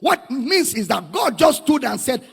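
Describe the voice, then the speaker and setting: A man's voice: very high voice, normal speed, creaky, breathy edge, soft background music. A man with a Nigerian accent preaching a dramatic sermon, calling out to his congregation. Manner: dramatic, animated, calls out to the congregation. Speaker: pastor. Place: church. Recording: echoey hall.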